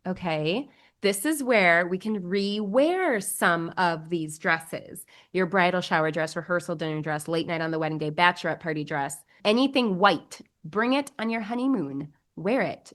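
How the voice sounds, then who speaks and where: A young woman hosting a solo podcast as a bridal alterations specialist, chatty and bubbly with gushing exclamations. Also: on the low side.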